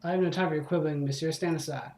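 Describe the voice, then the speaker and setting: A man's voice: on the high side, fairly even intonation, rapid-fire, a little mellow, lightly acted. A man reading a stern male falcon defense attorney, firm and commanding, in an echoey room. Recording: roomy echo.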